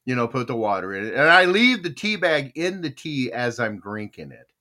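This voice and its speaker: A man's voice: medium pitch, moderate pace. An older man hosting a casual podcast chat, telling stories and reading listener comments aloud. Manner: animated storyteller, reads chat comments aloud. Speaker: podcast host.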